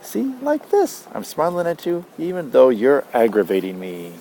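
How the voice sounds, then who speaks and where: A man's voice: medium pitch, huge pitch swings, normal speed, warm tone, slight background noise, voice pushed up. A man reading aloud and voicing a fussy, prim woman who coaches etiquette, chirpy and scolding. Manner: chirpy, scolding, forced sweetness.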